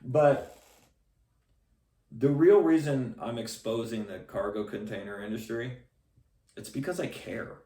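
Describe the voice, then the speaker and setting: A man's voice: medium pitch, a little slow, long pauses, mellow. Blunt rambling salesman in an echoey room. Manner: blunt, rambling, many restarts and fillers. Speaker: container salesman and channel host. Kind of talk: casual talk to camera. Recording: echoey room, voice a bit far from mic.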